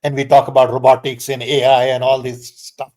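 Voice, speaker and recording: Answering questions as a guest in a conversational Q&A, an older man presses his points insistently, punctuating them with abrupt pitch jumps. Otherwise his voice is monotone, a little fast, and darkish in tone.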